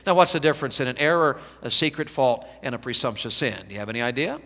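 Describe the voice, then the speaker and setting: A man preaching a revival sermon. He swings from hushed, slow pleading to loud, high-pitched exhortation. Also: expressive, in a large hall. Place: church sanctuary.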